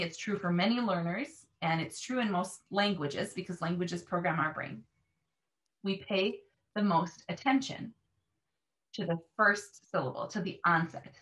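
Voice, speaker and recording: A woman's voice: fairly low pitch, fairly bright tone. A woman language teacher explaining her classroom method in an earnest, emphatic way. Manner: earnest, emphatic, models repeated words.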